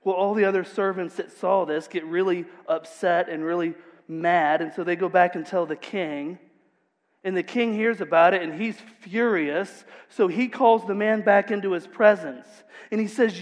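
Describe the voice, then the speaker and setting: A man's voice: high-pitched, normal speed. A man preaching a sermon as pastor, retelling a parable in an emphatic, conversational storytelling way. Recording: long hall reverb.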